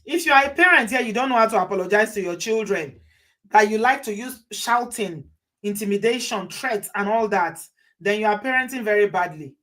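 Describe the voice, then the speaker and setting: A woman's voice: medium pitch, animated, fairly quick, a bit bright. Emphatic woman host. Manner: emphatic, repeats phrases for effect. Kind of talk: advice monologue to viewers.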